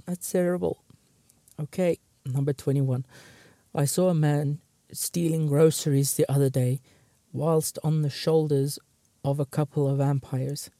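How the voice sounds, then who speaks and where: A man hosting his own show reads jokes one at a time, struggling not to laugh and muttering and stifling giggles in between. His voice is a little high and mellow, with no echo.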